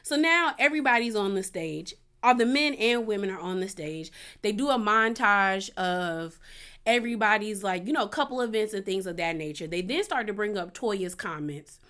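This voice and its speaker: A chatty woman recaps a reality TV episode in loose, casual commentary. She is opinionated and slips into the cast's lines as she tells it. Her voice sits at a middle pitch for a woman. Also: animated, moderate pace, a bit bright. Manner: chatty and opinionated, acts out quotes.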